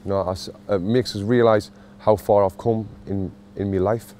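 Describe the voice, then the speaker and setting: A dark, fairly low voice keeps a steady tone at a moderate pace, with a little hiss or hum in the background. The man is in his thirties, a Sunderland boxing coach and vlogger with a Mackem accent, chatting emotionally from a football stadium and making fun of himself.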